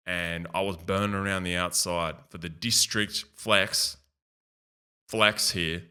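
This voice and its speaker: A chatty Australian man talks through a screen tour in a casual, rambling way, doubling back on his own phrases. His voice sits low. It also has a bright, forceful edge. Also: clear, resonant tone. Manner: rambling, repeats himself, chatty asides. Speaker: video host.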